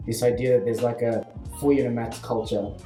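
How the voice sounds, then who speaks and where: A man's voice: mid-range voice, steady tone, a little fast, mellow. Australian man, maths teacher hosting a chat, emphatic and earnest; echoey room, faint music. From Western Sydney, Australia. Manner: earnest, emphatic, asks "right?" often. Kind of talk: casual chat.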